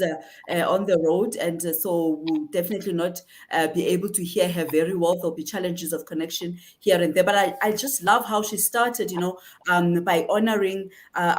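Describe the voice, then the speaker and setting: A woman from South Africa moderating an online panel, talking hesitantly with lots of ums and uhs. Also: fairly low pitch. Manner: hesitant, many fillers, warm praise.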